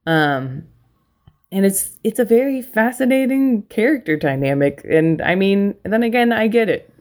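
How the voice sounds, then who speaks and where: A woman's voice: mid-range voice, expressive, a little mellow. A young adult woman hosting a casual podcast chat, laughing often and acting out quotes. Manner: laughs often, quick asides, acts out quotes. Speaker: podcast host.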